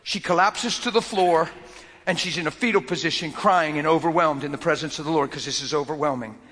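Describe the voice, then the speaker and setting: A male preacher tells his story with a lot of energy, his voice swinging from bright outbursts down to hushed near whispers. His tone is husky and fairly high. Long reverb from a large hall trails behind every line. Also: a little fast. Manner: animated, swings from loud to whispered. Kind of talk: sermon with a personal story.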